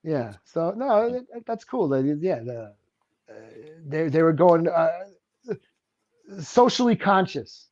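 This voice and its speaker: A man's voice: a little high, big pitch swings, slow pace, a little mellow, no echo, muffled recording. A man on a podcast chatting casually and reacting to his co-host's story with short remarks and laughs. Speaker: podcast co-host.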